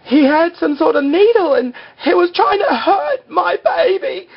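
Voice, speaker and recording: A man putting on a high, panicky voice as a frightened pregnant young woman, stammering and shrill, on a slightly dull lo-fi recording. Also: lively intonation, normal speed. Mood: terrified.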